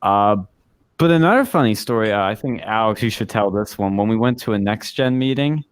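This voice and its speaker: A man's voice: fairly low pitch, expressive, fairly quick, clean tone, dry recording, clean studio sound. A young man hosting a podcast, telling a casual, rambling story with swearing and acted-out quotes. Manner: rambling, profane, acts out quoted speech. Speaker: podcast host.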